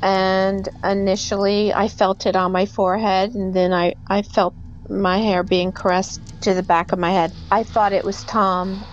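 A middle-aged woman, a guest on a podcast interview, vividly recounts a personal experience and acts out the voices of the people involved. Her voice is mid-range with little pitch movement and an unhurried pace, captured with lo-fi sound.

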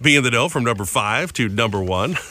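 A man's voice: mid-range voice, expressive, brisk, pushed and bright. A man from New England hosting a casual radio show, wisecracking and slipping into silly voices. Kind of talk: casual morning radio chat. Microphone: studio microphone.

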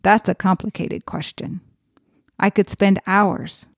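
A woman hosting a podcast speaks calmly and earnestly, like a nurse explaining things she has learned on the job. Her voice is mid-pitched and recorded close and dry, with no room around it. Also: takes it slowly, creaky, no echo. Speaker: podcast host and geriatric nurse. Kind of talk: storytelling podcast monologue.

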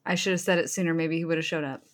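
A woman co-hosting a casual movie podcast, chatting in a playful, lively way. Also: low voice, rapid-fire. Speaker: podcast co-host. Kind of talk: casual movie-discussion chat.

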